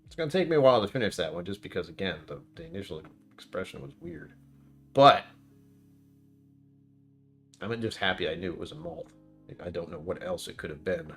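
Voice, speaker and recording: Deep-voiced man chatting on a stream. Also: lively intonation, brisk, pauses often, faint music behind. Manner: rambling, chatty, reacting to chat. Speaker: whiskey reviewer streamer. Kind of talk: casual live-stream chat.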